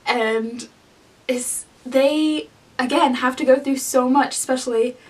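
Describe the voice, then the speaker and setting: A woman's voice: high-pitched, fairly even intonation, unhurried, far from the mic. A young woman, a book vlogger, chatting casually to the camera in a gushing, rambling way full of "like" fillers.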